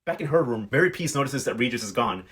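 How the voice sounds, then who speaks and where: A man's voice: medium pitch, expressive, quick pace, a bit bright, husky. A man giving a sassy, slangy, casual recap of a soap opera, talking straight to his viewers. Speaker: telenovela recap vlogger.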